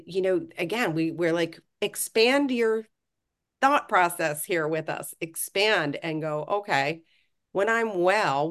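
Woman podcast co-host, low voice, frank and earnest, casual swearing. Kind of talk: casual self-help podcast chat.

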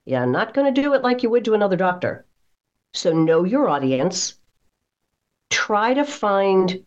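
Lively middle-aged woman voice coach. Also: on the low side, lo-fi sound. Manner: animated, playful, acts out little quoted voices. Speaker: voice coach, guest. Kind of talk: interview answers, coaching tips.

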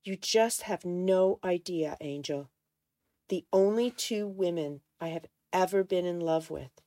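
A woman voicing a troubled, resentful grown man in a halting, strained way while reading a novel aloud. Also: lowish voice, dark tone, no echo, natural voice. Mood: desperate.

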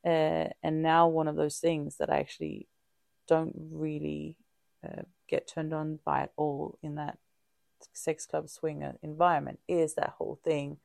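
Woman, podcast co-host, candid casual chat, halting restarts, mellow dark tone. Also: sits low, vocal fry, no room sound, studio quality. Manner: halting, frequent restarts and fillers; open and reflective.

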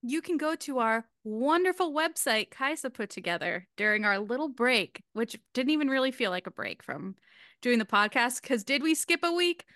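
A woman's voice: on the high side, sing-song, normal speed, sharp tone, no echo, clean studio sound. A woman co-hosting a podcast from home in casual chat, bubbly and rambling, often breaking into laughs. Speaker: podcast co-host. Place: at home in Boston.

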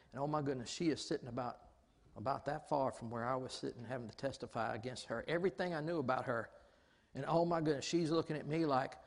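A man preaching a lively storytelling sermon in a large church hall, exclaiming often and acting out the people he quotes. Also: medium pitch. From Southern United States. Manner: animated, exclaims often, acts out quoted voices. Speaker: pastor. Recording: long hall reverb.

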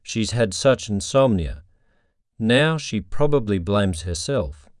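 Man reading a bewildered father, subdued, shaken, low voice, slow, dry. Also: lively intonation, clear, resonant tone, no echo.

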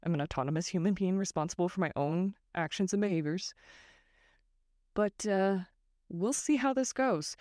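A woman from Northern California talks alone into a close microphone for her podcast, her voice sitting low and even. She muses thoughtfully, wanders off on tangents and teases herself along the way. The recording is dry, with no room sound around her. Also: no room sound. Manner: thoughtful, self-deprecating, digressive. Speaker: podcast host. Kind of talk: reflective solo podcast monologue.

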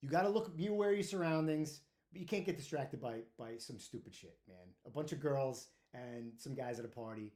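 A middle-aged man, a retired firefighter, telling stories casually, animated, laughing often and swearing freely. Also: mid-range voice, brisk. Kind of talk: casual storytelling to camera.

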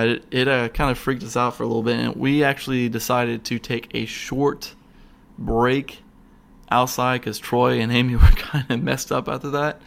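A man recounts a paranormal investigation in a loose, excitable ramble. His voice carries a gravelly rasp at a middle pitch, and he trips over restarts and fillers as the story tumbles out. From Florida. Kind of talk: casual ghost-hunt storytelling.

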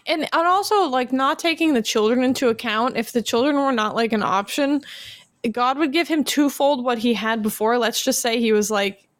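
A woman's voice: a little high, moderate pace, no echo, studio quality. A woman co-hosting a casual podcast about a rap album, explaining background facts plainly and agreeing readily with her co-host.

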